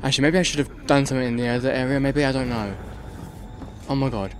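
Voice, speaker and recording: A man's voice: medium pitch, fairly even intonation, fast, noisy background. A man hosting a gaming channel, giving let's play commentary in a frantic, swearing way and muttering to himself as he plays.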